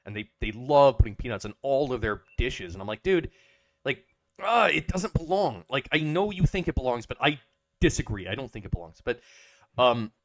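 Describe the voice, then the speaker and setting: A man's voice: mid-range voice, lively intonation, a little fast, no room sound. A man co-hosting a casual podcast, rambling with lots of hesitations and restarts. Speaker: podcast co-host. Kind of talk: casual chat.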